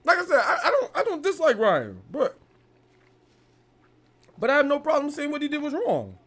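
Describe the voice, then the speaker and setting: A young man hosting a casual boxing podcast, talking in a heated, animated way and peppering his lines with "bro" and profanity. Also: extremely high pitch, normal speed. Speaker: podcast host.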